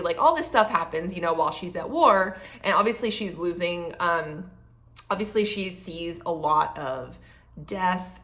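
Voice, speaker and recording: A book vlogger with a fairly low, slightly bright voice reviews a novel casually. She's chatty, full of fillers like um and you know, and acts out her own past thoughts in quoted asides.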